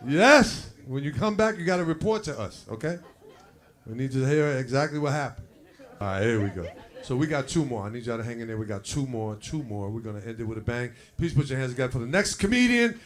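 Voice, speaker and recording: A man's voice: medium pitch, big pitch swings, quick pace. A man hosting a live comedy show on a club stage, chatty and hyping the crowd.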